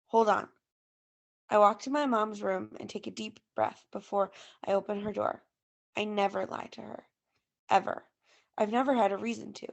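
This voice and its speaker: A woman teacher reading a first-person novel aloud to a class in a steady storytelling way. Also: mid-range voice, normal speed, creaky.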